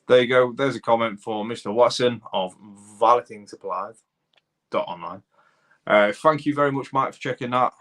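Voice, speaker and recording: A man's voice: mid-range voice, moderate pace, a bit bright. A man with a Lincolnshire accent hosting a casual live stream, chatting matily to viewers and reading their comments with plenty of fillers. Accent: English, Lincolnshire. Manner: chatty, matey, rambling with fillers. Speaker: YouTube channel host reading live chat.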